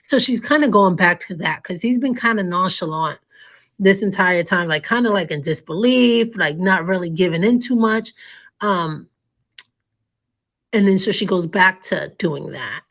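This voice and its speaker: A woman's voice: fairly low pitch, lively intonation, a little slow, fairly bright tone. Woman casually reacting to messages. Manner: casual, hesitant, repeats words while thinking aloud. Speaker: commentary YouTuber. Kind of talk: reading messages aloud and reacting.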